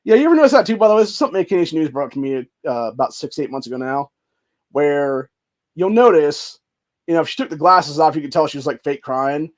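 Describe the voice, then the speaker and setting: A man's voice: a little high, lively intonation, fast. A man hosting a podcast, rambling in casual commentary with lots of swearing and filler phrases. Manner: rambling and profane, full of fillers. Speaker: podcast host.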